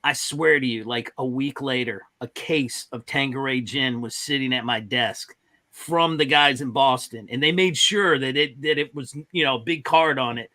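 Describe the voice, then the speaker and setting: A man telling animated work stories in a casual chat, acting out the people he quotes. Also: mid-range voice, normal speed. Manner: animated, tells anecdotes with voiced quotes. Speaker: guest. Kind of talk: casual storytelling.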